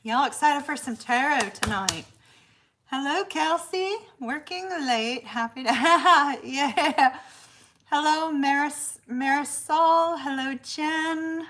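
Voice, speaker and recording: A woman's voice: high voice, expressive, slow pace, pushed and bright. A woman hosting a tarot livestream from her apartment, chatting casually, greeting viewers by name and laughing often.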